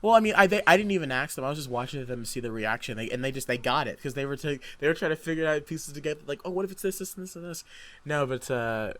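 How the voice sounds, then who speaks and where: A young man chats casually as a podcast co-host, with a mid-pitched voice. He rambles eagerly and acts out his own past reactions as he goes. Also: animated, fast talker, few pauses, pushed and bright. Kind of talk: casual chat.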